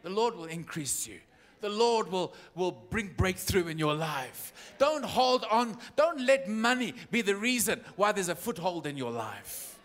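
A man preaching a sermon as an apostolic church leader, animated and building up to shouted exhortations. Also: high voice, measured pace.

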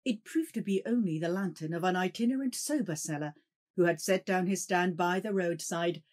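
A woman reading a ghost story aloud in a slow, dramatic storytelling manner. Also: fairly low pitch, a little mellow. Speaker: narrator. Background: shamisen music.

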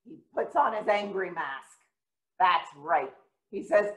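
A woman giving a children's sermon in a church, retelling a story gently and asking the children questions. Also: lowish voice, sing-song, a little slow. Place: church sanctuary. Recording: echoey church room.

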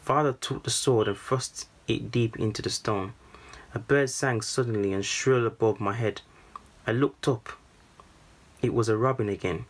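A man reading a first-person storybook aloud in a calm, measured way. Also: medium pitch. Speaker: storybook reader.

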